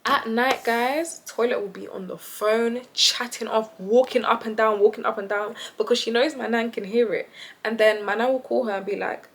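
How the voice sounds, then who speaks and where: A woman's voice: a little high, fairly even intonation, moderate pace. A young woman talking to camera, telling a story in a chatty, exasperated way and often addressing her viewers. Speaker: vlogger.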